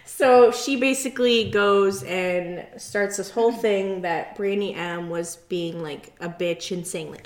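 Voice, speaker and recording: A woman co-hosts a casual podcast recapping a reality show, her mid-range voice unhurried with hardly any pauses in an echoey room. She's chatty, laughs easily and uses lots of filler words.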